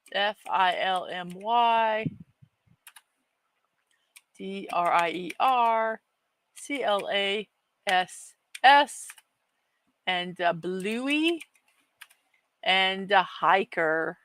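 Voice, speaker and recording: A woman's voice: mid-range voice, animated, extremely slow, pauses often, fairly bright tone, poor audio. A woman hosting a daily morning livestream in casual chat, reading viewer comments aloud with easy laughter and poking fun at herself. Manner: chatty and self-deprecating, laughs often, reads chat aloud.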